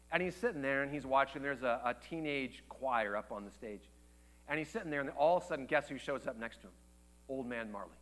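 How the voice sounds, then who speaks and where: A man preaching a sermon, telling a story with lively shifts between loud excited quotes and hushed quiet passages. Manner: animated storytelling, acts out quotes with jumps in pitch and volume; drops to a hushed, low voice for tender moments. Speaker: pastor.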